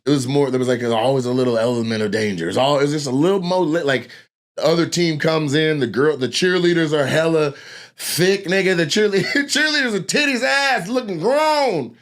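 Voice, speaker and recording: Young man, slightly higher-pitched voice, profane storyteller who acts out the voices of the people in his stories. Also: a little fast. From Washington State, USA. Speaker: guest storyteller. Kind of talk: casual storytelling chat.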